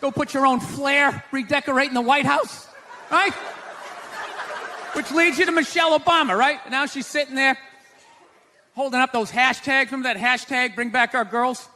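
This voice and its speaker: A male stand-up comedian doing a brash set, shouting and talking to the crowd. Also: very high-pitched, fairly even intonation, moderate pace, pauses often. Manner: brash, shouting, talks to the audience. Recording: live room with crowd and noise.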